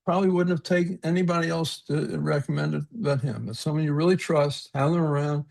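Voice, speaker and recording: A man's voice: fairly high pitch, fairly even intonation, fairly quick, vocal fry, darkish tone. A man giving a webinar talk over a video call, telling personal stories in an earnest, reflective way. He often repeats words and restarts sentences, and he chuckles at his own stories. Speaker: presenter on a webinar panel.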